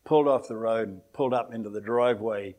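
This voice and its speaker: A man's voice: on the low side, quick pace, darkish tone. Older Australian man, accent worn down by years in the States, rambling church storyteller who chuckles a lot. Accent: Australian, softened by years in America. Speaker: preacher. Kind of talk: anecdotal sermon.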